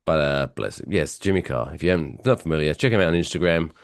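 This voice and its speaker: A man co-hosting a podcast in casual, joking banter, his voice going hoarse. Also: a bass voice, fast talker, dry recording, clean studio sound. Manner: rambling, joking, chatty. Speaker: podcast co-host.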